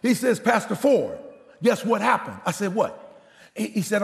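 Male pastor, fairly high gravelly voice, animated storytelling sermon, reverberant hall. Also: normal speed. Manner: animated, acts out dialogue with big pitch swings.

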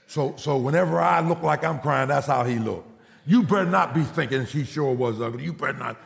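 Gravelly preacher in a reverberant church. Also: male voice, medium pitch, fairly quick. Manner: storytelling, rising to shouted exhortation. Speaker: pastor. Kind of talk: sermon.

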